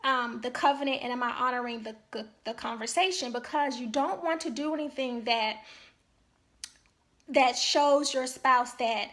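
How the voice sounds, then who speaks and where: A woman's voice: sits high, moderate pace, fairly bright tone. A woman marriage counselor giving an earnest, emphatic talk to couples, often checking in with "okay?".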